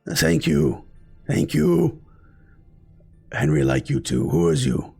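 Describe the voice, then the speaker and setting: A man voicing a huge, simple-minded, gentle male giant who talks in halting, childlike broken speech. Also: mid-range voice, huge pitch swings, gravelly, husky, soft background music, heavily acted.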